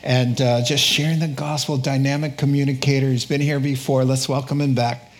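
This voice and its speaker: A male pastor introduces the guest speaker to his congregation. His voice is mid-pitched and his delivery measured, with light asides. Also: level tone.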